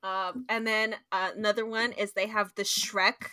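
A young woman co-hosting a podcast chats casually, telling stories with animation, laughter, and playful sound effects. Her mid-range voice is pushed and bright, though her delivery stays flat at a moderate pace. The recording is studio quality with no room sound.

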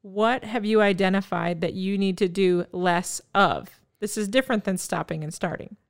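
Expressive woman with a smooth, dry voice. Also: medium pitch, moderate pace, dry recording. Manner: expressive, laughs easily. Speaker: podcast co-host. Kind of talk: casual chat.

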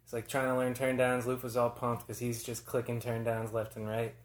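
A man's voice: medium pitch, monotone, brisk. A man in casual chat, laid-back and teasing, swearing offhandedly. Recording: roomy echo.

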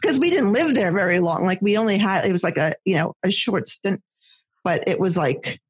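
A woman, telling a personal story in casual chat, animated and full of fillers and restarts. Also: on the low side, normal speed, breathy edge.

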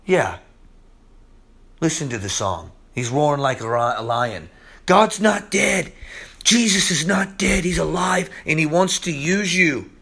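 A man preaching a sermon in a casual, slangy way, swinging from loud emphasis to hushed asides. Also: on the high side, expressive, measured pace, gravelly, breathy edge.

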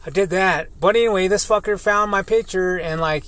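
A man's voice: sits high, fairly quick, fairly bright tone, no room sound. A man in his thirties, a welder, venting in a rambling casual monologue full of swearing and fillers. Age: 30s. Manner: frustrated, venting.

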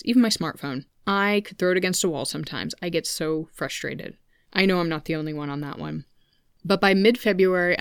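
A woman's voice: fairly low pitch, clean tone, no room sound, studio quality. A woman in her thirties hosting her own podcast, talking candidly and chatting with asides to her listeners, recorded on a microphone at a home computer. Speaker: podcast host. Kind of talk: personal podcast monologue. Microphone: studio microphone at a home computer.

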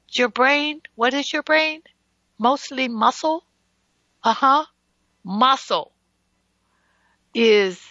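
A woman's voice: on the high side, gravelly, a bit bright, no room sound, highs cut off. A woman hosting a casual radio health talk show, emphatic and folksy, who often stutters and restarts her sentences.

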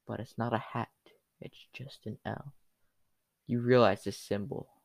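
A young man telling a rambling, absurd comic story in a crude, cursing, hurried way. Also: medium pitch, steady tone, creaky, no echo.

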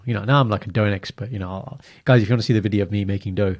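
A man co-hosting a podcast in casual, animated chat, laughing and using slang. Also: fairly low pitch, very fast. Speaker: podcast co-host.

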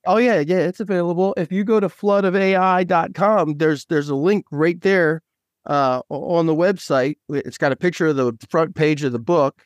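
A man with a somewhat high voice talks eagerly as a guest author, jumping between thoughts and restarting his sentences. The sound is dry and close, with no room around it. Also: normal speed, no echo, highs cut off. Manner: eager, scattered, full of restarts. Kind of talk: casual faith talk.

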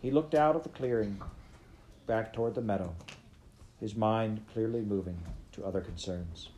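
Low, mellow-voiced man reading a novel aloud. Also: normal speed, faint music behind. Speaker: reader.

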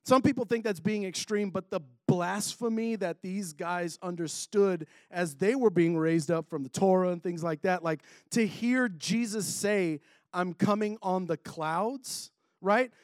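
A male preacher gives a sermon in a casual manner, breaking off for joking asides. His voice sits high for a man. The recording is dry and close. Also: unhurried, few pauses, no room sound.

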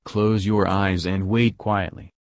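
Stern, scolding male creator spirit, read by a man, low and dry. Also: flat delivery, takes it slowly, no echo. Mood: angry. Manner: commanding and scolding. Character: stern, angry male Great Spirit and maker of all things.

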